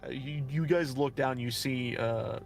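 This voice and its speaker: A man's voice: mid-range voice, measured pace, vocal fry, faint music behind. A man narrating a tabletop game as game master, casual and giggly, swearing loosely.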